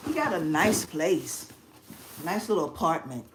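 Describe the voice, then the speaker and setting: A middle-aged woman chatting casually on a phone live stream from a quiet room at home, expressive and quick to laugh. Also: sits low, noisy background. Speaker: craft channel host. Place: quiet spare bedroom at home.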